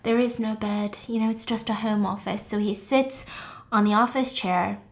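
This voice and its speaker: A woman casually recapping a thriller film on her podcast, chatty and animated. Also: medium pitch, normal speed. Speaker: podcast host.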